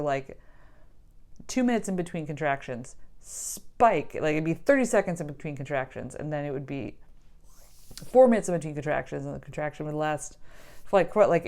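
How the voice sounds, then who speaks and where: A woman's voice: on the low side, darkish tone. A young adult woman casually telling a personal story, chatty, often laughing and filling with "like". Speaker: vlogger telling her birth story.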